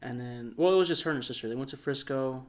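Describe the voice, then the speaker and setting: A man of middling pitch telling a story on a podcast in a relaxed, rambling way. He speaks softly and fills his sentences with "like" as he goes. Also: quick pace. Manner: rambling, soft-spoken, lots of "like". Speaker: podcast co-host. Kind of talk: casual storytelling.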